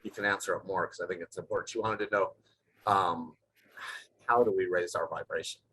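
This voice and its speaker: A man's voice: deep voice, steady tone, fairly quick, pushed and bright, low-quality recording. A man hosting a casual talk, reading out viewer questions in an easygoing way. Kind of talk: casual talk show chat.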